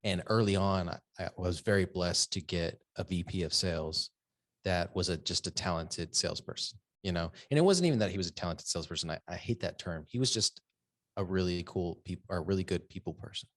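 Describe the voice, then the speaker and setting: A man hosting a relaxed business chat, his voice quite low. He rambles casually, leaning on fillers and checking in with the listener. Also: fairly quick, no echo, clean studio sound. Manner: filler-heavy, relaxed, "you know what I mean". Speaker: podcast host, business owner.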